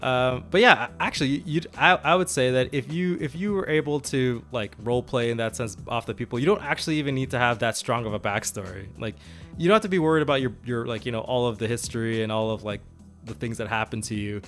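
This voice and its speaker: A man's voice: medium pitch, quick pace, fairly bright tone. A man co-hosting a tabletop gaming podcast, rambling through his points with many fillers and restarts. He laughs often as he talks, and faint music plays behind him. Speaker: podcast co-host. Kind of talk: casual chat about tabletop role-playing.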